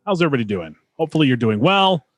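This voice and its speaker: A man's voice: medium pitch, big pitch swings, racing, dry recording. A man hosting a casual podcast, earnest and emphatic, drawing out his pleas to listeners. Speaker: podcast host.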